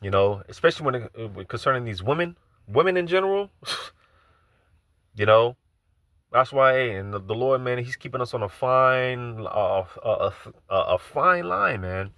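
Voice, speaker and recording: A man's voice: mid-range voice, animated, moderate pace, a bit bright, no echo. A man giving an informal live sermon, loose and conversational, repeating phrases and filling gaps with asides. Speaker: preacher.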